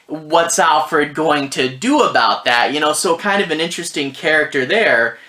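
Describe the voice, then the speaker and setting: A man's voice: on the high side, expressive, normal speed, bright, forceful tone. A man giving a casual, rambling review of a TV series, with frequent "you know" and "like" fillers. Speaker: TV and film reviewer. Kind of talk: casual solo review talk.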